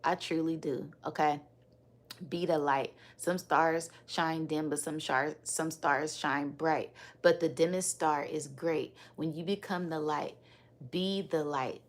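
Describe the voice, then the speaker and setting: A woman hosting a live-streamed spiritual energy reading and chatting with viewers, talking in a calm, relaxed, unhurried way. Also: low-pitched. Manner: calm, relaxed and unhurried, sometimes repeating words. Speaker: spiritual reader and livestream host.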